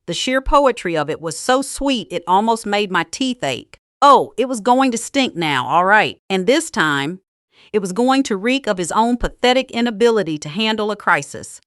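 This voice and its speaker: Woman narrator, first-person story, calm and deliberate with a cutting edge; medium pitch, dry sound. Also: no room sound.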